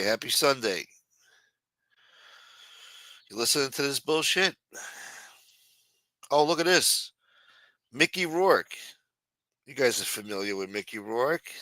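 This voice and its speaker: A brash man runs a loose livestream, full of profanity and mockery. His voice is bright and forceful, and the recording is close and dry. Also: mid-range voice, no room sound, rough recording. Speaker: livestream host. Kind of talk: casual news commentary on a stream. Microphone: streaming mic.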